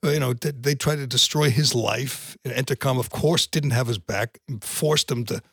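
A gravelly man holds forth on a podcast in an emphatic, indignant tone. His voice sits at an ordinary pitch, and the recording is close and dry. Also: normal speed, a bit bright, no echo. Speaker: podcast co-host. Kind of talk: opinionated casual chat.

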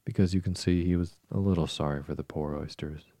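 Alice, a prim little girl, as a deep-voiced man reads her. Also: fairly even intonation, fairly quick, dark tone, no room sound, studio quality. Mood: earnest. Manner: prim, indignant, then timid. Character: polite earnest little girl. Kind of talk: audiobook character reading.

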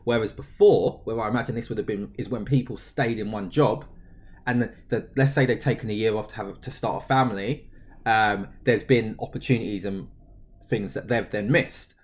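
A man's voice: lowish voice, normal speed. A young man, co-hosting a podcast in casual chat, rambling and hesitant and laughing often. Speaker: podcast co-host.

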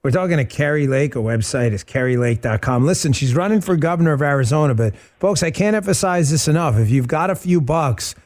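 A man hosts a talk show in a notably high voice for a man. He speaks emphatically and keeps adding quick asides. He also makes pleading appeals to his listeners. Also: darkish tone. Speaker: host. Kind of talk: talk show host interview.

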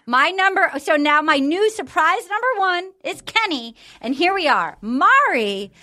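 A bright, high-pitched woman hosts a podcast, her voice leaping up and down as she tells the story. She talks in a quick, gossipy way and acts out the quotes. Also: very animated. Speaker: podcast host. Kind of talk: casual chat, animated recap.

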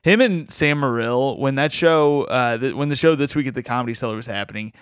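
A man's voice: mid-range voice, brisk, smooth, no echo, clean studio sound. A man hosting a casual podcast chat, talking enthusiastically and rambling with restarts. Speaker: podcast host.

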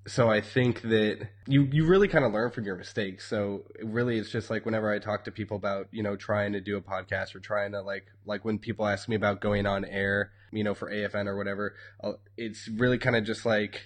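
A man's voice: on the low side, fairly even intonation, fairly quick, few pauses. A man co-hosting a casual podcast, talking in a wry, rambling way with many fillers. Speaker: podcast co-host. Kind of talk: casual chat.

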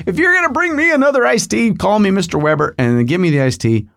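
Guy in his middle years rambling through a funny story on his podcast, voice jumps all over, kinda high. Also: fast talker, gravelly. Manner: animated, digressive storytelling with asides to the listener. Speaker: podcast host. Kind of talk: rambling comic monologue.

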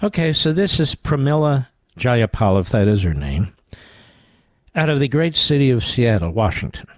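A man's voice: mid-range voice, sing-song, normal speed, no room sound. A man hosting a political talk radio show, delivering sarcastic, combative commentary.

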